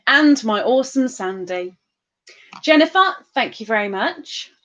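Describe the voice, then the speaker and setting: A woman's voice: fairly high pitch, animated, a little slow, a bit bright. A woman, hosting a livestream and chatting casually as she reads out and greets viewers' comments in a sing-song, giggly way. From England. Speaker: livestream host.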